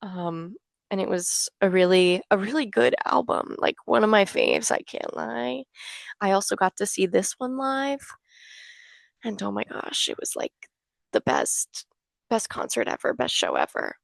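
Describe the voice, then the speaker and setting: A woman's voice: medium pitch, sing-song, a little slow, vocal fry, no room sound. A young woman vlogging casually as a fan, chatty and gushing with many fillers. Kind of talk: casual fan talk to camera.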